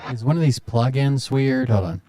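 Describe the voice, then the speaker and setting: A man's voice: mid-range voice, moderate pace, music in the background. A man hosting a casual live stream, muttering to himself as he troubleshoots his microphone. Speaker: stream host. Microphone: studio mic through a podcast mixer.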